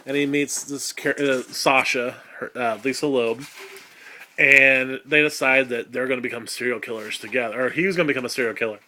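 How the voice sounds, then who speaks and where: A man's voice: mid-range voice, steady tone, moderate pace, bright, forceful tone, slight background noise. A man in his thirties hosting a casual horror movie review, crude and sarcastic, rambling with lots of fillers. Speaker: host.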